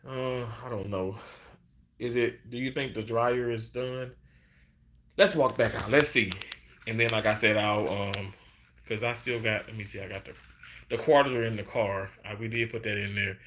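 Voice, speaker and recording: A man's voice: medium pitch, moderate pace, pushed and bright. A man chatting casually on a live stream, rambling about food and greeting viewers by name.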